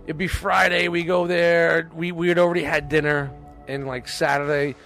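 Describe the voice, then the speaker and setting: A man's voice: a little high, little pitch movement, normal speed, fairly bright tone, faint music behind. A middle-aged man, telling long, profane, rambling stories on a casual podcast, full of restarts. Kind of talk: casual storytelling chat.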